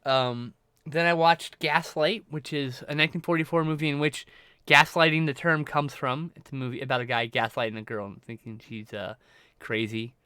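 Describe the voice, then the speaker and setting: A man's voice: medium pitch, fairly even intonation, normal speed, sharp tone, clear, resonant tone, no room sound. A man streaming live and chatting casually, rambling and now and then breaking into silly noises.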